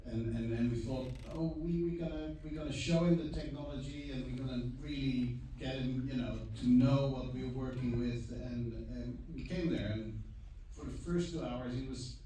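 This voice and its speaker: A man working as a cinematographer, telling a halting story at a live Q&A with restarts and laughter. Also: medium pitch, warm tone. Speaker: cinematographer on a Q&A panel. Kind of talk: casual live Q&A talk. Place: large theater stage. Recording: far-off mic in an echoey theater with faint noise.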